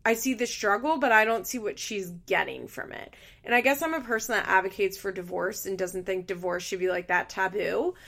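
A woman's voice: medium pitch, a little fast, gravelly, fairly bright tone. A woman giving casual, blunt commentary on a reality show, swearing often and sharing her opinions.

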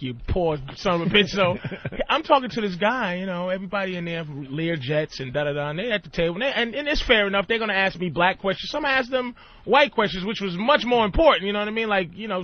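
A man's voice: high-pitched, fast talker. A man telling a loose, profane story on a podcast, acting out other people's lines. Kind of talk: casual storytelling chat. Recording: muffled lo-fi sound.

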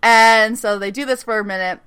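Recapping a TV episode on a podcast she co-hosts, this woman speaks fairly quickly in a fairly high, steady voice that's somewhat bright, clear and resonant. The chat is casual and lively, with cursing, frequent laughter, and performed character lines.

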